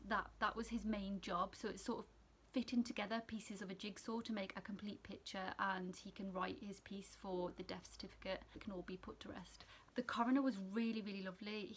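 A young woman student nurse from England, telling a story to camera in a chatty, animated way that keeps going off on tangents. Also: medium pitch. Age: young adult. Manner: chatty, animated, sidetracks and laughs often.

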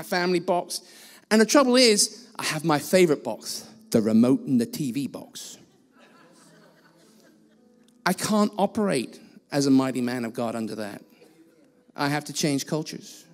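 A man's voice: on the high side, big-room sound. A man preaching a sermon as a guest speaker in a church, blunt and self-mocking in his delivery. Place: church hall.

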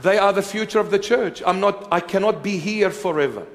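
A man preaching and answering questions before a congregation, halting with many fillers and joking now and then. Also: high-pitched, some chatter behind. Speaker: church bishop preaching. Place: church hall with congregation. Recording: long reverb of a large hall.

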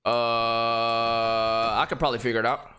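A man's voice: medium pitch, little pitch movement, a little slow, bright, forceful tone, smooth. A man chatting casually in slang during a roleplay stream, laid-back and repetitive. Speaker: streamer roleplaying a gang member.

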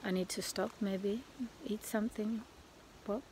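A woman's voice: medium pitch, steady tone, measured pace, darkish tone, slight background noise. Chatty woman vlogging outdoors. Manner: chatty, rambling, with many fillers and self-corrections; drops to a whisper for stretches. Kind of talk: casual travel vlog. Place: outdoors at a countryside bed and breakfast.

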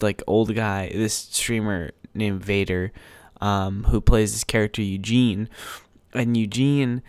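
A man's voice: lowish voice, darkish tone, clear, resonant tone, no echo. A young man hosting a podcast in casual chat, rambling enthusiastically with lots of fillers. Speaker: podcast host.

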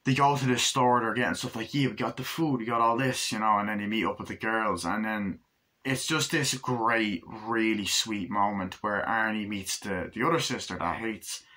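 This man speaks at a normal pace with a sharp edge, giving a loose, meandering film review. He curses a lot and performs scenes by raising his voice, the way a movie reviewer riffing might.

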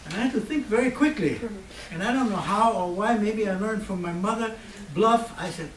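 An older man recounts his past in a wry, conversational manner, pausing on fillers as he goes. His voice sits high for a man. It is picked up from a distance in a roomy, echoing hall with faint ambient noise. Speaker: Holocaust survivor speaker. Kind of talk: storytelling talk. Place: hall at a university.

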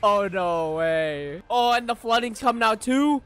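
A young man reacting to an anime episode, swearing freely and shouting with excitement. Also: sits high, a little slow, smooth. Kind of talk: live reaction commentary.

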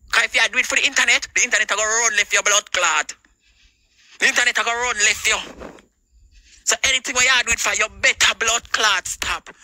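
A Jamaican woman delivers a heated livestream rant in a piercing, very sharp voice. She is confrontational and swears heavily, hammering the same points again and again. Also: mid-range voice, no echo, poor audio. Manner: confrontational, repetitive, heavy swearing.

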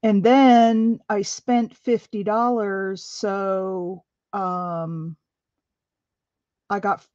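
A woman's voice: medium pitch, flat delivery, extremely slow, darkish tone, no echo, lo-fi sound. A middle-aged woman hosting a craft livestream, chatting with viewers in a chatty, rambling way and laughing easily. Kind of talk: casual chat with live viewers while crafting. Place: home craft room.

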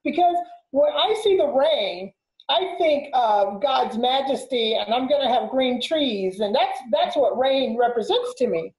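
A woman's voice: sits high, lively intonation, a little slow, a little mellow. A woman talking casually as a guest, affirming and telling a personal story. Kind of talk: casual conversation. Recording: echoey room.

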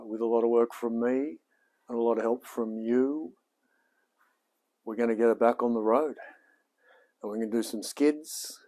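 A man's voice: medium pitch, darkish tone. An Australian man in his late forties chatting casually on his live stream, laid-back and rambling, with plenty of slang. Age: late 40s. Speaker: live-streaming home mechanic.

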